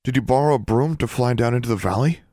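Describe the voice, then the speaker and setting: A man's voice: mid-range voice, quick pace, no echo, clean studio sound, pitched above the performer's own voice, close to an everyday voice. A man voicing a hurt but commanding young witch who gives orders. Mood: urgent. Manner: forceful, commanding.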